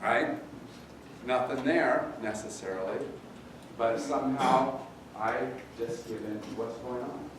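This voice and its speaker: A pastor preaching a sermon in a conversational, halting way, often repeating words. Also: male voice, mid-range voice, background noise. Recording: roomy echo, distant mic, faint ambience.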